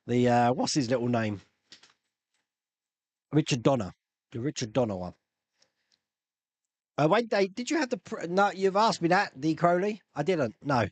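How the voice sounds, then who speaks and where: A man hosting a casual live stream, chatting loosely and answering viewers' questions with rambling asides and quick laughs. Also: on the high side, lively intonation, no echo. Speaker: YouTube live stream host.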